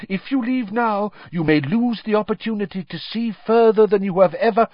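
A man's voice: sits high, normal speed, dry recording, muffled recording, voice pushed up. A man voicing an eccentric, mystical female divination teacher with an airy, dramatic manner.

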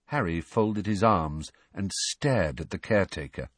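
A man narrating a children's story in an expressive, scripted reading. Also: low-pitched, measured pace, hardly any pauses, slightly rough, dry recording. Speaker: audiobook narrator.

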